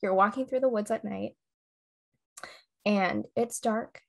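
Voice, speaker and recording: A woman's voice: mid-range voice, slow, vocal fry. A woman co-hosting a casual podcast, telling a scary story with suspense, swearing freely and breaking into giggles. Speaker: podcast co-host.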